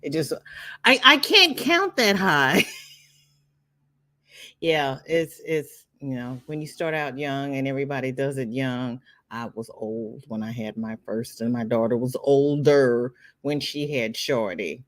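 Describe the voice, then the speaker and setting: Slow-talking older woman hosting a livestream. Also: a bass voice, fairly bright tone, no echo, studio quality. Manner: chatty, reads viewer comments aloud, teasing. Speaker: livestream host. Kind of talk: casual livestream chat.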